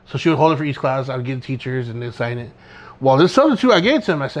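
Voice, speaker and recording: A man's voice: medium pitch, expressive, rapid-fire. A young man co-hosting a podcast, telling a school story in casual chat and acting out both sides of the dialogue. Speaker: podcast co-host.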